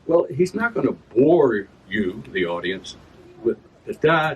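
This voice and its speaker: Man, casual talk to audience, self-correcting, slow, far from the mic. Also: medium pitch, very animated, lo-fi sound. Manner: chatty, explains with rhythm sounds, self-corrects. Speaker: author giving a reading. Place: reading event room. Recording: distant mic with room ambience.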